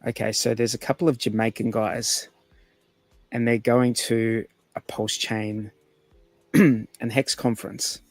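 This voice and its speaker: A man's voice: mid-range voice, little pitch movement, takes it slowly, pauses often, no room sound. A man, co-hosting a casual podcast, telling a story and laughing often. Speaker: podcast co-host. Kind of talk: casual chat, telling a joke.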